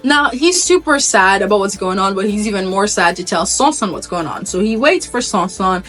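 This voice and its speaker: A woman's voice: medium pitch, animated, normal speed, fairly bright tone, faint music behind. Chatty woman retelling a story. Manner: chatty, lots of "like" and asides.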